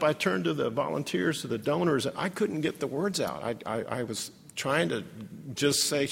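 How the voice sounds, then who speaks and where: A man telling an emotional story in a sermon, halting often and restarting his sentences. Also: a little high, gravelly, a bit bright, husky. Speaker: ministry leader telling a story. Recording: echoey hall with long reverb.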